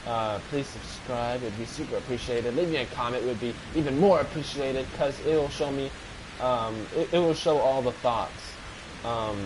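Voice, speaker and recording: A man's voice: medium pitch, moderate pace, background noise. A young man commenting on a horror game, panicky, swearing and repeating himself. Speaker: gaming video host.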